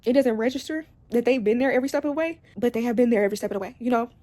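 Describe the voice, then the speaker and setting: Speaking rapid-fire in a mellow, high-leaning voice, a young woman vlogs from her home, tearfully rambling and opening up directly to her viewers. She cries on and off, and the recording is dry.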